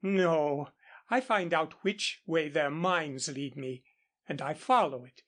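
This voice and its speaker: A man reading the lines of a kind, cultured English woman schoolteacher in an audiobook, gentle and earnest, with an English accent. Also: fairly high pitch, slow pace.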